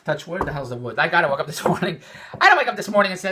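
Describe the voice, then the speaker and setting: A man's voice: a little high, sing-song, rapid-fire, crowd noise. An older man from Philadelphia, rambling and repeating himself in an exasperated personal vlog monologue. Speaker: vlogger.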